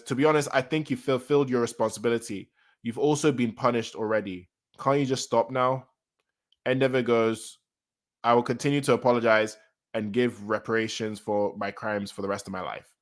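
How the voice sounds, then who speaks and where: A man talks through a comic chapter at his own even pitch, reading the characters' lines aloud and stopping to react. He often repeats his reactions, circling back to the same point several times in relaxed, unscripted speech. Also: normal speed. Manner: reads lines aloud then reacts, repeating himself excitedly. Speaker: manga reaction host.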